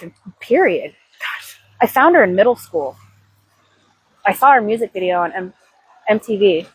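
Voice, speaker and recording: A woman's voice: medium pitch, husky, dry recording, low-quality recording. A woman in her thirties hosting a casual self-help stream, speaking candidly, swearing freely and coaching herself aloud. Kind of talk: casual confessional chat.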